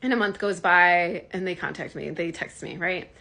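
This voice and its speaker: A woman's voice: fairly low pitch, normal speed, vocal fry, bright, forceful tone. A woman talking straight to her audience in a casual advice vlog, emphatic and conversational, acting out bits of dialogue as she tells a story. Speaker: social media creator. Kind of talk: direct-to-camera advice vlog.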